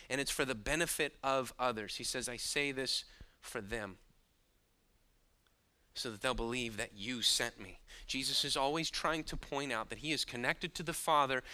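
A man preaching a sermon, moving between quiet, hushed asides and sudden loud bursts, and chuckling now and then at his own points. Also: mid-range voice. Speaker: pastor.

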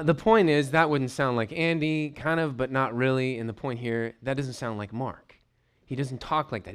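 A man preaching a teaching sermon, lively, putting on voices for quick asides and clearing his throat now and then. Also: mid-range voice. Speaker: pastor.

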